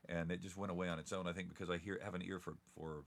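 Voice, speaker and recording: A middle-aged man from Southern Ohio with a faint Appalachian accent and a deep, gravelly, slightly congested voice, chatting in a relaxed, rambling way as an interview guest. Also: rapid-fire, a little hiss or hum. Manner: relaxed, rambling storyteller with chuckles. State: a bit congested. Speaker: guest, TV announcer. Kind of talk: casual interview chat.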